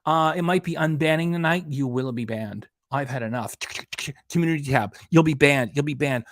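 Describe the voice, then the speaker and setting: A man's voice: a little high, moderate pace, no room sound, natural voice. A man mimicking a bossy woman streamer. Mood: mocking scold. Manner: sing-song scolding, repeats herself. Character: mocked bossy woman streamer banning her chat.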